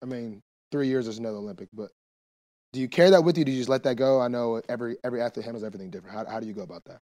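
Young male host, mid-pitched, quick friendly questions. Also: mellow. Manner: friendly, short prompting questions and reactions. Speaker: podcast host. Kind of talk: casual interview chat.

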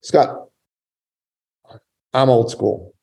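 Male podcast guest, warm voice, animated storyteller. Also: drawn-out words. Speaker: guest, business coach and author.

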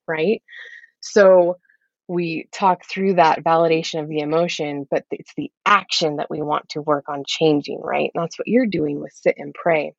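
A woman working as a parenting coach, explaining her method in a steady, instructive way. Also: deep voice, moderate pace, creaky, dry recording. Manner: steady, instructive, lays out steps. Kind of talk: explaining in an interview. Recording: slightly dull lo-fi audio.

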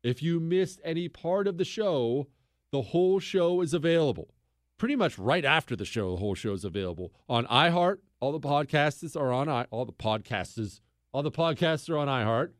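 Animated storytelling male radio host. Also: fairly high pitch, no room sound, clean studio sound. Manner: animated, joking storyteller who teases his co-host. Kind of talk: storytelling monologue on a talk show.

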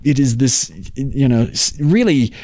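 Male co-host, mid-pitched, dry close mic, thoughtful and halting. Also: animated, dark tone, no echo. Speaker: podcast co-host. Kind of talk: casual chat.

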